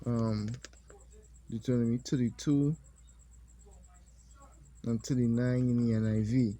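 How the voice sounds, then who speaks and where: A man teaching a religious lesson, reading scripture slowly and deliberately and pausing to comment. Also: medium pitch, steady tone, warm tone.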